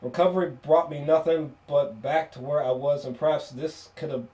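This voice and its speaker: A man casually reviewing an album on video, excitable and profane, laughing often and restarting his sentences. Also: on the high side, normal speed.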